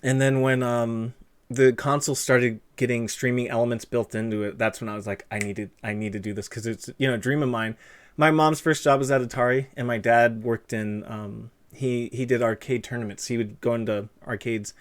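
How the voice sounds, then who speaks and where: A man's voice: medium pitch, level tone, a little fast. A man hosting a casual livestream interview, chatting loosely, laughing easily and reading viewer messages aloud. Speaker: streamer and interviewer.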